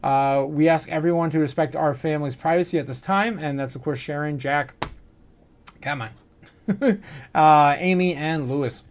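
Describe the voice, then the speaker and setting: A man's voice: a little high, normal speed, a little hiss or hum. A man hosting a casual livestream, reading out chat comments and news with lots of fillers and frequent laughs. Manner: rambling, laughs often, many fillers. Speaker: crypto livestream host.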